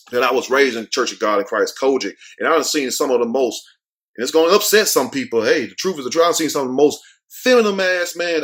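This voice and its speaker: A man hosting a casual commentary show, reading news items aloud and riffing on them in a blunt, slangy, animated way. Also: mid-range voice. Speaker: host.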